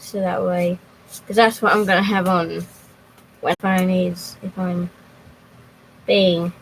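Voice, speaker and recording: A young woman chatting casually on a live stream, rambling and halting as she talks to her chat from a home computer setup. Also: medium pitch, slight background noise, low-quality recording.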